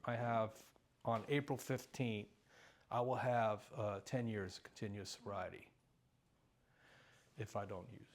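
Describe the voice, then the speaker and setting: A man's voice: on the low side, steady tone, a little slow, long pauses. A middle-aged man telling his own recovery story in an earnest, emotional way, speaking in short bursts. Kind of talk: personal testimony talk.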